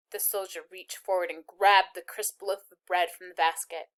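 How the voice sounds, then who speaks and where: A woman's voice: lowish voice, flat delivery, normal speed, a bit bright. Woman reading a novel aloud. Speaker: reader.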